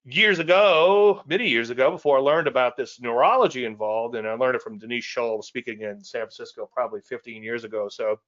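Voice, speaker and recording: A man's voice: medium pitch, fairly quick, hardly any pauses, fairly bright tone. Chatty male trading teacher, slightly muffled. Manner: conversational and digressive, chuckles at his own asides; repeats phrases and restarts sentences. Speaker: trading educator hosting a live weekly show. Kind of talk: live trading presentation.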